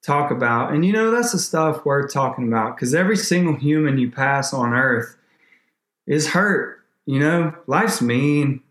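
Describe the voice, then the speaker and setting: A man, a podcast guest, telling an emotional faith story in a rambling, animated way with many restarts. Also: fairly high pitch, a little slow, reverberant.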